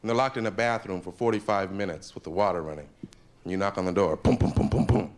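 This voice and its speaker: A man's voice: deep voice, fast, darkish tone. A man doing a stand-up comedy routine on a live stage, slipping into funny voices for the people in his jokes, from an old 1970s tape. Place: stage with a laughing audience.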